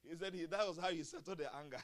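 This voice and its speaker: His voice sits a little high and his delivery is fast. The male pastor keeps chuckling through his sermon at a church service, alternating between murmurs and loud declarations.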